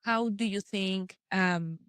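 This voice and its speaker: A woman host asks her questions slowly, pausing to search for words. Her voice is smooth and clear. The recording is dry and close. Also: medium pitch, fairly bright tone, no echo. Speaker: podcast host. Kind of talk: interview question.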